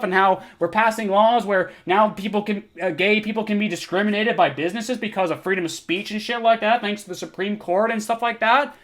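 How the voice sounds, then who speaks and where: A man's voice: sits high, steady tone, a little fast, few pauses, fairly bright tone. A young man ranting in a comment reaction vlog, exasperated and sarcastic, swearing a lot. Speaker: video essayist.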